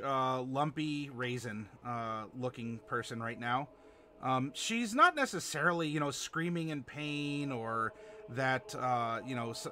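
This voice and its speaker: Bright-voiced chatty game master. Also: male voice, mid-range voice, a little hiss or hum. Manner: chatty, halting, many fillers, laughs easily. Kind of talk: narrating a streamed tabletop game.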